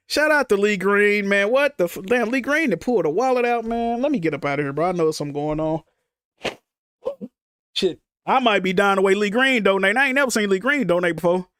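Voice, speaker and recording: A man's voice: high-pitched, a bit bright, clean tone, no room sound, studio quality. A grieving man livestreaming, venting emotionally to his chat in rambling, profane casual talk.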